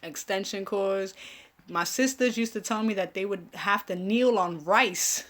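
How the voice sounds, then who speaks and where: A woman's voice: medium pitch, measured pace, fairly bright tone. A young woman hosting a casual live stream, chatting with viewers, laughing often and swearing freely. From Caribbean family, raised speaking Spanish. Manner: profane, laughing, talks to viewers. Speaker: host of a live online show.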